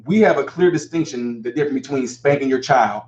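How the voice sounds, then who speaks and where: A middle-aged man hosting a live call-in show, telling stories with animated acted-out scenes. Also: mid-range voice, a little fast. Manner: animated storyteller, acts out scenes. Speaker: host. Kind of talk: casual live call-in talk. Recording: echoey, dull lo-fi sound.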